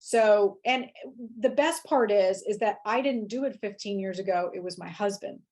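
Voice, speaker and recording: A woman's voice: medium pitch, normal speed, darkish tone. A woman in her forties, a podcast guest, telling a personal story in candid conversation and acting out her own inner voice. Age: 40s.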